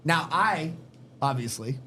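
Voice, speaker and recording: A man's voice: fairly high pitch, animated, slow pace, pushed and bright, slight background noise. A middle-aged man with a slight Boston accent, telling work stories as a podcast guest in a blunt, profane, emphatic way. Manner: profane, emphatic, street-smart. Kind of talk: casual storytelling chat. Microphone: podcast microphone in a garage.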